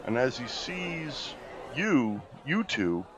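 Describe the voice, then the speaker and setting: Male dungeon master, slow, lively pitch, halting narration. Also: a crowd in the background, background noise. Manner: unhurried, halting with fillers. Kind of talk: narrating a tabletop game.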